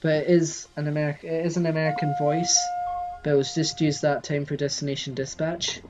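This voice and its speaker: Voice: mid-range voice, little pitch movement, brisk, low-quality recording. A streamer talks casually through a live gameplay session. They chat with viewers in a mid-range voice and answer questions as they come in. Faint music runs underneath. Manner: chatty, reads and answers chat while playing.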